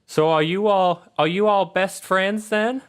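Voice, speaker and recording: A man voicing a chatty, tearful young girl in a tabletop game, speaking gently and haltingly. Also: clear, resonant tone. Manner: gentle, halting, high childlike voice.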